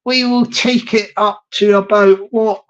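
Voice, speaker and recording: In an unhurried, steady voice that sits high, a middle-aged man with a Scottish accent talks casually to his live-stream viewers. He rambles off on tangents and restarts his sentences, and the sound is a bit muffled and lo-fi.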